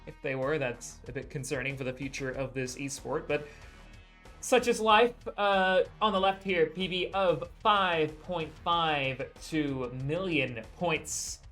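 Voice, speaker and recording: A man's voice: on the high side, steady tone, measured pace, hardly any pauses, bright, forceful tone, soft background music. A man commentating a live esports match, introducing the players with a joking, self-deprecating manner and announcer-style hype.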